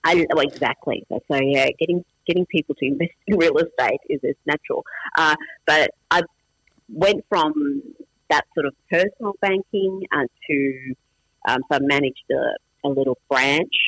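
A middle-aged man with an Australian accent, born in Iran with Farsi as his first language, talks through his story in a relaxed interview. His voice sits a little high and very bright. The sound is close and dry, and he often restarts his sentences with easy fillers. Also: moderate pace, breathy edge, no echo, poor audio. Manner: chatty, self-deprecating, frequent restarts and fillers. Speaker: interview guest. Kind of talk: casual interview chat.

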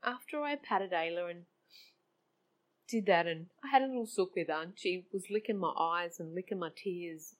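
A woman's voice: lowish voice, normal speed. A middle-aged woman, talking in a personal reflective monologue, emotional and open-hearted, with frequent laughs. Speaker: vlogger.

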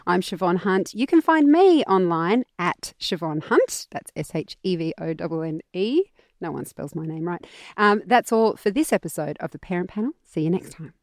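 A woman's voice: fairly low pitch, lively intonation, normal speed, dry recording, clean studio sound. A woman with an Australian accent hosting a casual podcast chat, laughing often and joking. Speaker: podcast host.

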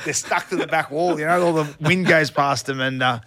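An Australian man in his forties, a former rugby league player, telling animated stories in a casual podcast chat. He acts out shouting coaches and laughs often. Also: on the high side, fairly quick, no room sound.

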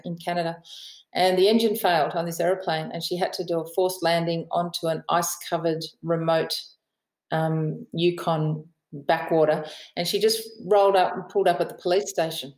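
Lowish and a little mellow, the voice belongs to an Australian woman, an author and aviation writer interviewed on a podcast. She tells stories chattily, laughs often and mimics those she quotes, on a low-quality recording in an echoey room.

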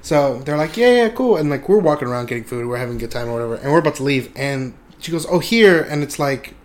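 A man's voice: mid-range voice, fairly even intonation, quick pace. A young man telling a casual, rambling story, laughing often and swearing freely. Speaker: podcast host.

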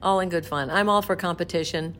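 A woman's voice: fairly low pitch, fairly quick, a bit bright. An older American woman, a voice actor and singer, telling stories as a guest in an interview and laughing easily. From southern United States. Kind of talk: interview chat.

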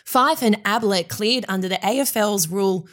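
A woman's voice: mid-range voice, moderate pace, a bit bright. Female co-host, chatty and giggly. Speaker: netball player and co-host. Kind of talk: casual sports chat.

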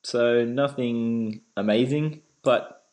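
A man's voice: medium pitch, takes it slowly, darkish tone, rough recording. A man co-hosting a casual sports podcast, joking and laughing, often repeating words as he goes. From Australia. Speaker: podcast co-host.

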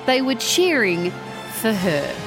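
Lively woman storyteller. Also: medium pitch, slow pace, gravelly. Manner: expressive, rising with excitement. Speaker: podcast host and narrator. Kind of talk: storytelling narration. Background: background music.

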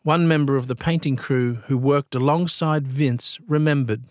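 A man narrating a true-crime story in a grave, deliberate, scripted delivery. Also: mid-range voice, fairly even intonation, darkish tone, no echo, studio quality.

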